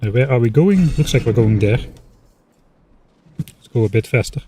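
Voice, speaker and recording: A man streaming a game and thinking aloud in a casual, relaxed way, often pausing with filler words. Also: medium pitch, slight background noise. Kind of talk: casual gameplay commentary.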